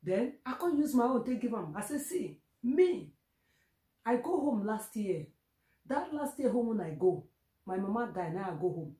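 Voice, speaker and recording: Nigerian woman telling a story, mellow voice. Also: fairly high pitch, moderate pace, echoey room. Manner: animated retelling with many fillers and repeats. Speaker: vlogger. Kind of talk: casual storytelling.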